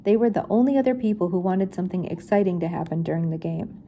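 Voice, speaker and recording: A woman's voice: on the low side, quick pace, mellow, slight background noise, close to an everyday voice. An older woman reading aloud, giving a friendly young woman's lines in her own voice.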